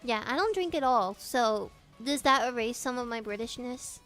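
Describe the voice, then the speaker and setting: A woman's voice: on the high side, lively intonation, normal speed, fairly bright tone, faint music behind. A young woman streamer chatting casually with her viewers, giggling often, swearing freely and reading their questions aloud. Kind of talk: casual live-stream chat.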